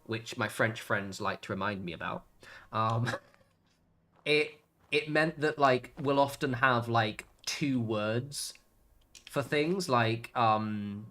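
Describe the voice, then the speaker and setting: A young English man streams a game while chatting casually, rambling with lots of fillers and the occasional swear word. He speaks slowly in a medium-pitched, slightly bright voice.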